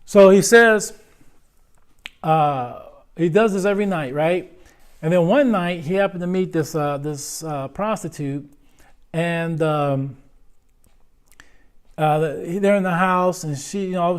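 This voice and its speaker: Conversational male religious teacher, fairly high. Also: a little slow, smooth. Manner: conversational, asks the class questions and tags lines with "right?". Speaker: Islamic teacher. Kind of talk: religious lesson to a class. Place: lecture room.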